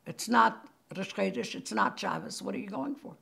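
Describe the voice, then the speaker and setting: Gravelly woman teaching a Torah class. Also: medium pitch, normal speed. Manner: animated storytelling that drops to near-whispers for emphasis.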